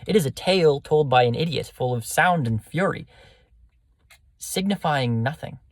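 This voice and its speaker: A weary, despairing king speaks in slow, solemn Shakespearean verse, as a man recites him. The voice is gravelly and the sound is dry and close. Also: on the high side, animated, no room sound. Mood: bleak. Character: weary despairing middle-aged male king.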